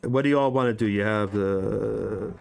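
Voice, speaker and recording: A man's voice: lowish voice, normal speed, creaky, a little mellow. A man running a tabletop game as game master, describing scenes in a casual, rambling way over a video call.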